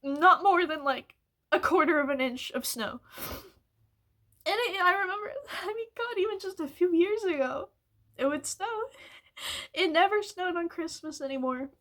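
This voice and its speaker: A woman's voice: very high voice, moderate pace, a bit bright. A woman, venting in a rambling, frustrated monologue full of swearing. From United States. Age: early 20s. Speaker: vlogger.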